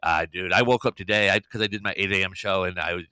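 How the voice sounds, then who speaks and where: A man's voice: sits low, fast, pushed and bright, clear, resonant tone, dry recording, studio quality. A man from Michigan hosting a casual political podcast, easygoing and joking with his co-host.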